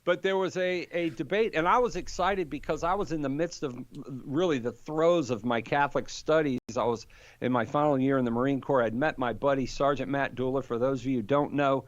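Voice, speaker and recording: A man's voice: medium pitch, a little fast, dry recording, lo-fi sound. An older man explaining Catholic teaching in a conversational podcast, telling stories with animation and acting out the people he quotes. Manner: animated storyteller, acts out quoted debaters. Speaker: Catholic apologist guest.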